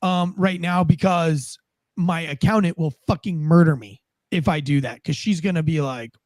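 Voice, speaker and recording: A man with a high voice hosts a podcast and rambles through the news in loose, profane chat. His tone is animated and his swearing comes easily. The sound is dry and close, with no room in it. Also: moderate pace, no room sound. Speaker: podcast host. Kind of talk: casual political commentary.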